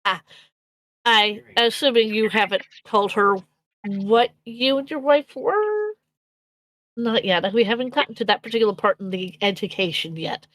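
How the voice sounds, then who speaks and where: A woman's voice: medium pitch, normal speed, a bit bright, no echo, rough recording. A woman playing a tabletop role-playing game over voice chat, describing her character's actions with many fillers and restarts. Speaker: player.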